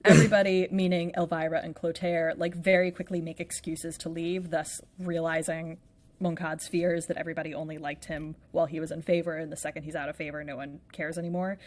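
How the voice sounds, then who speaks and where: A woman's voice: low voice, little pitch movement, fairly quick, darkish tone. A woman co-hosting a podcast, recapping a play in casual chat with a playful, chatty manner and lots of "like". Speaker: podcast co-host.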